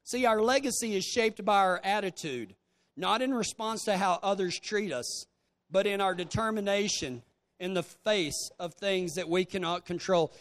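A man preaching a sermon to a congregation, telling folksy stories in an animated way. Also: high-pitched, normal speed. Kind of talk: sermon with storytelling. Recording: long reverb of a large hall.

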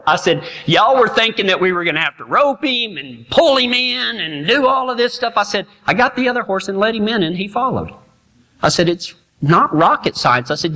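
A man's voice: sits high, lively intonation, fairly quick, sharp tone. A middle-aged man, preaching in a folksy, laughing storytelling manner. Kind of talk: storytelling sermon.

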